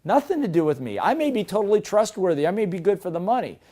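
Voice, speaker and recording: A man giving a motivational business lesson, firing rhetorical questions at his audience and swinging between quiet asides and emphatic points. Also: sits high, sing-song, fast talker. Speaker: business coach.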